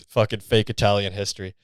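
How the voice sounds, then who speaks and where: A man's voice: mid-range voice, smooth, no echo. A man hosting a comedy podcast, rambling loosely and swearing often. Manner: rambling and profane, lots of fillers. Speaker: podcast host.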